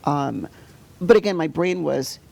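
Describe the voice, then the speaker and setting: A middle-aged woman telling a painful personal story as an interview guest, halting and full of fillers, sometimes sinking to a near-whisper. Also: deep voice, animated, gravelly. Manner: halting, full of "you know" fillers and restarts; drops to a soft near-whisper at painful moments. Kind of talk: emotional personal storytelling in conversation.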